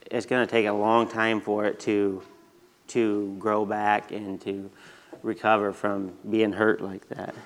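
A man giving a children's sermon in a low, smooth voice. He speaks simply and gently, hesitating now and then, with little rise and fall in his pitch.

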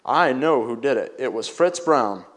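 A man voicing a hot-tempered young boy in a read-aloud story, with hurried, indignant outbursts. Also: medium pitch, animated, fairly bright tone. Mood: angry.

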